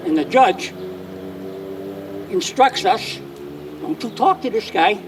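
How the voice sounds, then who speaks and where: A man's voice: high voice, huge pitch swings, a little slow, pauses often, distant mic, noisy background. An older man, a retired detective telling wry anecdotes to an audience and acting out the dialogue. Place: outdoor public dedication ceremony.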